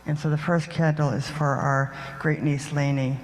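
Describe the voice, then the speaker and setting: An older congregant speaking to a church about family joy and loss, hesitant and full of pauses. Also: medium pitch, level tone. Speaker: congregant lighting candles. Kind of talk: spontaneous personal remarks. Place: church sanctuary. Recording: long reverb of a church hall.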